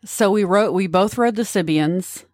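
Female co-host, slow-paced, mostly short laughing reactions. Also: medium pitch, darkish tone, dry recording, studio quality. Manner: brief reactions, giggly. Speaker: podcast co-host. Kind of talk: casual chat.

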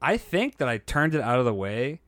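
A man's voice: medium pitch, very animated, moderate pace, a bit bright, no echo. A man casually telling a story on a podcast, acting out quotes and laughing often, a bit nasal from a hurt nose.

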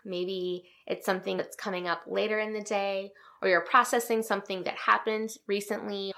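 A woman hosting a devotional podcast, speaking in a gentle, earnest way and reading scripture aloud. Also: medium pitch, creaky. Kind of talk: reflective devotional talk.

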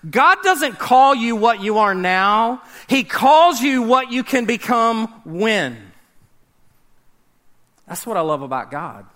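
A man preaching a sermon, animated, swinging between loud emphasis and hushed, dramatic drops. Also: very high voice. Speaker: pastor.

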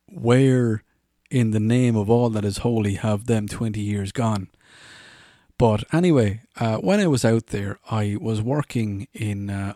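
An Irish man in his forties hosts a podcast, rambling through funny anecdotes and laughing at his own stories in a casual, anecdotal way. His voice is on the low side with a dark tone, recorded at studio quality with no room sound.

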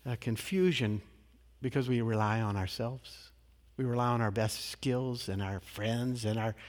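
A male pastor preaching a sermon in a measured, emphatic way, posing rhetorical questions and answering them. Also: medium pitch. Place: large church sanctuary. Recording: long reverb of a large church.

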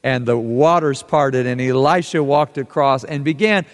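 A man's voice: mid-range voice, moderate pace. A male pastor reading scripture and preaching a sermon, with dramatic rises and drops in his delivery. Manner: dramatic reading, voice rising and dropping with the text. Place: church sanctuary. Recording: church hall with long reverb.

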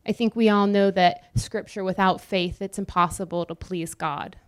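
A woman's voice: mid-range voice, steady tone, moderate pace, clear, resonant tone. A young adult woman giving a sermon in a conversational style, joking with the congregation between scripture readings. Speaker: preacher.

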